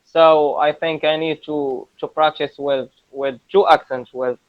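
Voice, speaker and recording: A Moroccan man practising English on a video call, halting and repeating words as he goes. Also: fairly high pitch, steady tone, dry recording, lo-fi sound. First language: Moroccan Arabic. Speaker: English learner. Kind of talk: casual video-call lesson.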